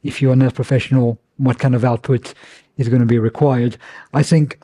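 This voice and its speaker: Hoarse man moderating, mellow voice. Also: medium pitch, steady tone, fairly quick. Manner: rambling, many hedges like "kind of". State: losing his voice. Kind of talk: panel moderation.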